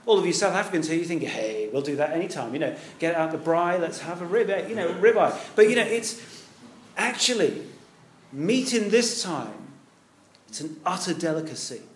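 A man preaching a sermon to a congregation, animated, acting out the quoted voices and putting questions to his listeners. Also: high-pitched, moderate pace, a little hiss or hum. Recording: echoey hall.

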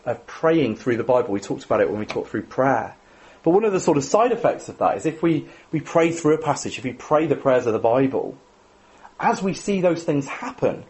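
A man's voice: mid-range voice, a little mellow. A man giving a sermon in a conversational, self-deprecating way, often adding tag questions. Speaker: preacher.

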